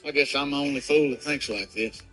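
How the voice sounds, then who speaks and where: A man doing an irreverent stand-up routine, riffing loosely and leaping into loud mock scenarios. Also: medium pitch, brisk, soft background music, poor audio. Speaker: stand-up comedian.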